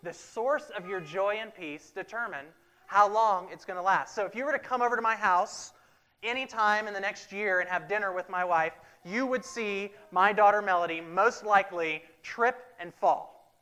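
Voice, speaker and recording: A man's voice: high voice, normal speed, smooth. Emphatic man preaching a sermon. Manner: emphatic, repeats key phrases, swings from loud to hushed. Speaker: pastor.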